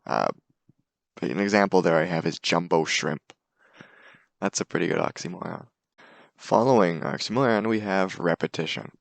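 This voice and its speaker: A man's voice: sits low, moderate pace, vocal fry, long pauses, no room sound. A young man giving a casual, hesitant class presentation full of fillers. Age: young adult. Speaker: student presenter.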